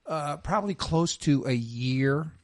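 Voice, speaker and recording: A man's voice: on the high side, lively intonation, measured pace, no room sound, clean studio sound. A man co-hosting a radio talk show, chatting casually and often restarting his sentences. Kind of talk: casual sports and TV chat.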